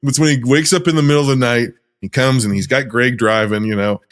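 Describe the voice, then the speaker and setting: A man's voice: mid-range voice, steady tone, fast talker. A man co-hosting a movie podcast, talking casually and animatedly, acting out scenes and laughing often. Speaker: podcast co-host. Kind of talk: casual movie review chat.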